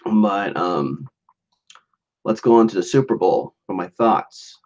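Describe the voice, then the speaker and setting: A man's voice: deep voice, expressive, slow pace, darkish tone, muffled recording. A man hosting a casual solo podcast, rambling loosely with lots of fillers, restarts and chuckles. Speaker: podcast host.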